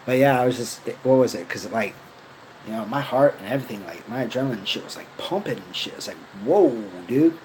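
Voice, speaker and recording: A man's voice: mid-range voice, fast talker, a little hiss or hum, low-quality recording. A young man telling a rambling personal story, casual and profane, full of fillers and slang. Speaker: vlogger.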